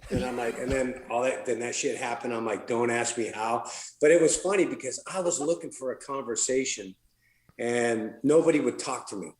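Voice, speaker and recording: This former pitcher, appearing as a podcast guest, has a mid-range, darkish voice and speaks at a moderate pace. His story is casual and full of profanity, with laughter and acted-out dialogue, heard in a roomy, echoing space.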